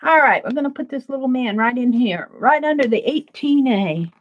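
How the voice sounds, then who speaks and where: A woman's voice: high-pitched, animated, normal speed, muffled recording. A middle-aged woman from the American Midwest chatting casually and rambling as she works on an art livestream. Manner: chatty, rambling, laughs often while working. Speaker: art streamer. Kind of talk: casual crafting livestream chat.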